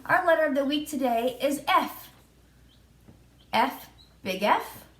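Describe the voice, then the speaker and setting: A woman preschool teacher, pitched a little high, talks very slowly to small children, drawing out each letter in a sing-song lilt. She is recorded in an echoey room. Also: expressive. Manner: slow, sing-song prompting with spelled-out letters. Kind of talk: children's virtual lesson.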